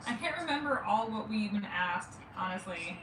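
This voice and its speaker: A woman's voice: mid-range voice, animated, fairly quick, a bit bright. A woman in her forties from Saint Louis, co-hosting a watch party in rambling, giggly casual chat. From Saint Louis, USA. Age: 40s. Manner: giggly, rambling, self-interrupting. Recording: roomy, distant mic, noisy.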